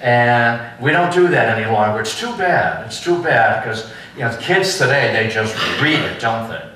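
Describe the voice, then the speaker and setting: A man giving a history lecture to an adult class, slow and emphatic, asking rhetorical questions and repeating phrases. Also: medium pitch, lively intonation, pushed and bright. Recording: echoey room, mic at a distance.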